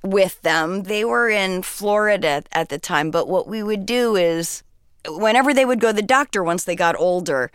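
A woman's voice: medium pitch, moderate pace, clean tone, no room sound, clean studio sound. A woman talking casually as a comedian guest in an interview, chatty and full of "like" and "you know". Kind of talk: casual conversation in a radio interview.

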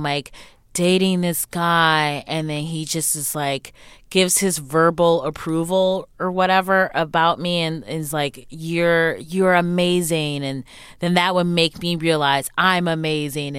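A young adult woman talking candidly as an interview guest, emphatic and animated, acting out what other people said to her. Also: low-pitched, clean tone, no room sound, studio quality. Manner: animated, emphatic, acts out quoted remarks.

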